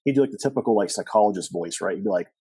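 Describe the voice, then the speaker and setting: A man's voice: lowish voice, racing, breathy edge, no room sound. A middle-aged man, a podcast guest, tells a long personal story, rambling with fillers and restarts, acting out the people he quotes. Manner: rambling with many fillers and restarts, animated quoting. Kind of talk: storytelling interview.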